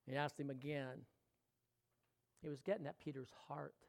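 A male pastor preaching a sermon, swinging between loud exhortation and hushed, intimate talk and putting questions straight to the congregation. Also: mid-range voice, fairly even intonation, moderate pace, vocal fry.

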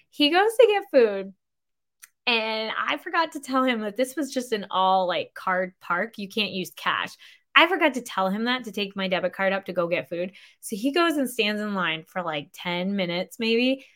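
A woman's voice: mid-range voice, fairly bright tone. A woman in her thirties, a podcast host, telling a story in a casual, rambling way and laughing often.

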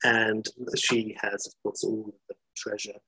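A man casually retelling a story in an animated, rambling way, full of fillers. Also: on the low side, unhurried, slightly rough, low-quality recording.

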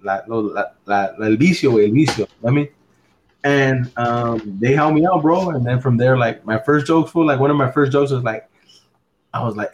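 A relaxed male stand-up comic shooting the breeze on a podcast. His voice sits at an everyday middle pitch, and he peppers his talk with slang, cussing and quick Spanish phrases. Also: a little hiss or hum. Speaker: stand-up comedian and podcast co-host. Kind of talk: casual podcast chat.

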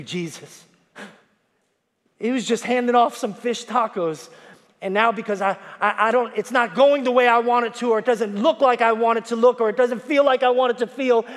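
High-voiced preaching man in a hall. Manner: preaching, swings from shouting to hushed; folksy, repeats calls to the congregation. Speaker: pastor. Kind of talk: sermon. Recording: long hall reverb.

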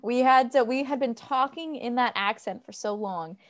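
A young American woman co-hosting a casual chat, giggly and animated, full of fillers. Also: on the high side, moderate pace, no echo. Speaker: podcast co-host.

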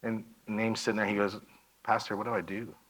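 A man's voice: on the low side, little pitch movement, brisk, a bit bright, husky, low-quality recording. A man giving a missionary presentation in a church, telling a story and acting out the dialogue of the people in it.

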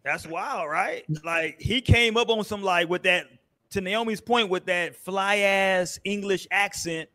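Animated high-voiced podcast host man. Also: unhurried. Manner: loud, animated, swearing freely. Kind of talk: casual chat.

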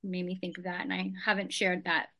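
A woman with a bright, clear voice shares a personal story with her study group. She talks in an earnest, chatty way, often reaching for "like" as she goes. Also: lowish voice, flat delivery, a little fast.

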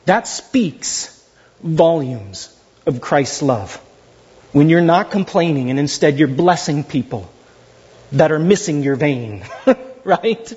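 A man preaching a sermon as pastor, animated and jokey, acting out little asides to the congregation. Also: a little high, slow pace, pauses often, breathy edge, muffled recording.

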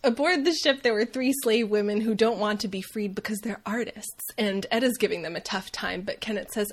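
A woman hosting a casual comedic book recap, wry and quick to laugh, tossing off quick voices for the characters. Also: medium pitch, a little hiss or hum. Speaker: podcast host recapping a novel.

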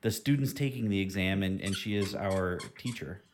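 A man's voice: sits low, normal speed, a little hiss or hum. A man hosting a podcast who trades dry, sarcastic jokes in casual banter. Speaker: podcast host.

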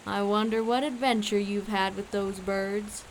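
Kindly male hunter for a storybook, low and gentle, read by a woman; slow delivery over steady hiss. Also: close to an everyday voice, poor audio. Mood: soothing. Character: gruff kindly male hunter, dog owner.

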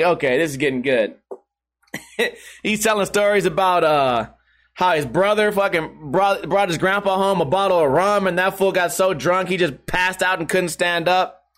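A man's voice: sits high, normal speed, fairly bright tone. A man hosting a podcast, telling a story in a casual, profane way and laughing often. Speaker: podcast host.

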